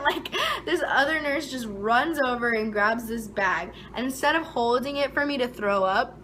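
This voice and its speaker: Animated young woman telling a story. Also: moderate pace, slight background noise, poor audio. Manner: animated, dramatic retelling with frequent "like" fillers; voice jumps high and loud when quoting herself. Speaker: vlogger. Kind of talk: casual storytime vlog.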